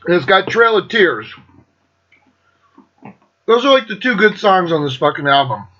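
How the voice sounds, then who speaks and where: A man hosting his own metal show, chatting casually and sarcastically with lots of swearing, clearing his throat now and then. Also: high voice, big pitch swings, moderate pace, pushed and bright, dull audio. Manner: profane, sarcastic, laughs often. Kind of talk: casual solo chat reviewing albums.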